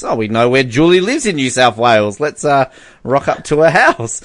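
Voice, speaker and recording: A man's voice: medium pitch, animated, moderate pace, no room sound, clean studio sound. A man, co-hosting a casual chat and reading out fan messages with amusement, laughing often. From Australia. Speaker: podcast co-host.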